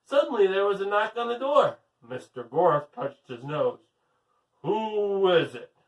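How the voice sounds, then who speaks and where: A teacher reading a chapter book aloud to children, upbeat and encouraging, recorded from a distant mic. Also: male voice, high voice, big pitch swings, normal speed. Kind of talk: read-aloud storytelling.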